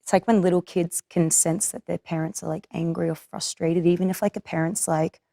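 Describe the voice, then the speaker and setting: A woman's voice: on the low side, steady tone, a little fast, creaky, dark tone, no room sound, clean studio sound. A woman in her thirties with an Australian accent, chatting casually with another actor and often using fillers and restarts. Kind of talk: casual conversation between actors.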